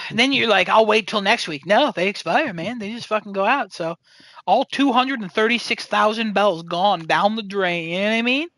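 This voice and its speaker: A young man chats on his podcast with a bright, forceful voice that often rises when he gets worked up. He rambles and swears freely as he tells jokey stories. The sound is dry and close, with no room around it. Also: sits high, normal speed, no room sound. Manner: rambling, profane, jokey storytelling. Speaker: podcast host. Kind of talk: casual chat.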